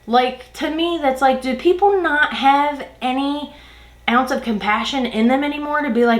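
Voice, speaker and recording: Lady ranting about her job while doing makeup, kinda high voice, echoey room. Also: moderate pace. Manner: ranting, exasperated, animated retelling. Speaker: beauty vlogger.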